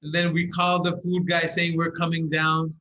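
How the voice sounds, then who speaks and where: A young man as a podcast guest, telling stories in animated casual chat and laughing often. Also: a little high, normal speed, highs cut off. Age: young adult.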